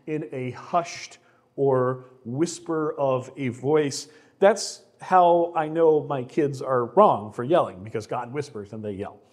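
A man's voice: medium pitch, a little mellow. A middle-aged man preaching a conversational sermon, often repeating words as he starts a sentence. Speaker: pastor.

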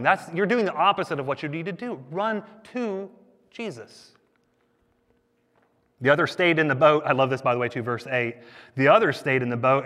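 A man preaching a sermon, animated and conversational, with joking asides to the congregation. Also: fairly high pitch. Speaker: pastor. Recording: long hall reverb.

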